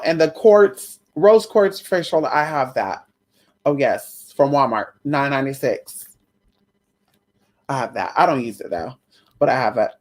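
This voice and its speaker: A woman chats through a casual live stream, tired yet talkative. Her voice sits a little low. She drifts from topic to topic and keeps calling her viewers girl and honey. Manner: chatty, laughs often, addresses viewers as girl and honey.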